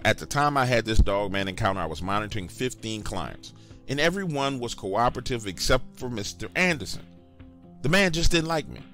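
A man's voice: medium pitch, fairly bright tone. A man telling a first-person horror story in a casual, conversational way, talking straight to the listeners.

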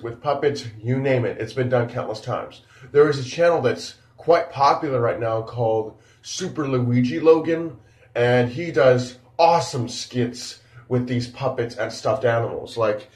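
Rambling man in an echoey room. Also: medium pitch. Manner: rambling and enthusiastic, many fillers and restarts. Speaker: YouTube reviewer. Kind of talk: casual video commentary.

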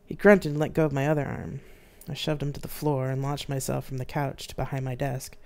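An author reading their own novel aloud in an expressive, dramatic live-streamed narration. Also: mid-range voice, brisk.

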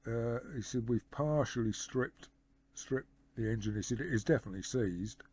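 A man recounting a phone conversation in a loose, rambling way, forever stopping to say who said what. His voice is mellow and warm, sitting at an ordinary middle pitch. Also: moderate pace, breathy edge. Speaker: motorcycle vlogger. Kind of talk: casual storytelling to camera.

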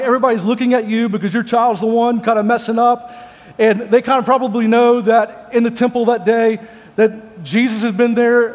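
High-voiced pastor, joking sermon. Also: male voice. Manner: joking, conversational storytelling. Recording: long hall reverb.

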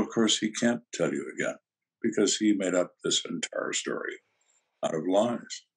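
A man's voice: low voice, vocal fry, husky. An older man, a retired homicide detective, telling stories in an interview with a dry, sardonic manner. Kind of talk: storytelling interview.

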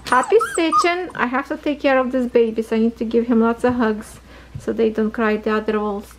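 A woman casually chatting at home in a craft vlog, slipping into high baby talk with her puppies, her English a little non-native. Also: moderate pace, slight background noise, poor audio. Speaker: cross-stitch vlogger.

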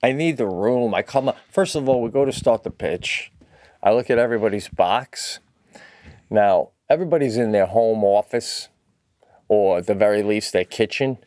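A man co-hosting a podcast in casual chat. He tells animated stories, swears freely and says "bro," jumping into loud high-pitched outbursts. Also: normal speed, dry recording, studio quality. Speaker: podcast co-host.

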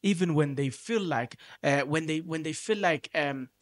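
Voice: mid-range voice, moderate pace, no echo. Fired-up South African commentator hammering points home, close and dry on the mic. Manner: emphatic, repetitive, switching into isiZulu. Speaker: political commentator. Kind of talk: unscripted commentary monologue.

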